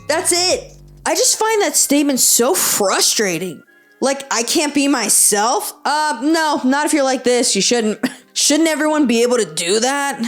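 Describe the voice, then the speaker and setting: A young woman reads online posts aloud and rips into them with sarcasm and frequent swearing. Her voice sits fairly high, and a faint bed of music plays underneath. She sounds exasperated. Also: expressive, a little slow. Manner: sarcastic, exasperated, swears often, laughs a lot. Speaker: podcast host. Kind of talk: reading and reacting to online stories.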